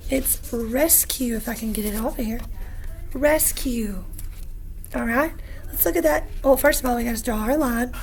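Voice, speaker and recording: A woman teacher giving a phonics lesson, patient and encouraging, repeating each word slowly for young students. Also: high voice, a little mellow. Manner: slow, patient, encouraging, repeats words aloud.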